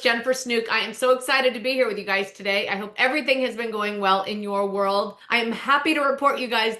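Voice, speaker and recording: A woman's voice: fairly high pitch, sharp tone, echoey room. A woman in her forties hosting a podcast, chatting casually and emotionally with her listeners. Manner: chatty, emotional, keeps saying "you guys". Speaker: podcast host. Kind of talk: casual chat.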